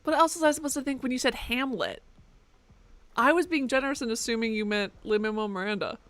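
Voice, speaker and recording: Bright-voiced sarcastic woman streamer. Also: a little high, fast, dry recording. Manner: sarcastic, self-mocking, sings snatches of songs. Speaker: game streamer. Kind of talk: casual live-stream commentary.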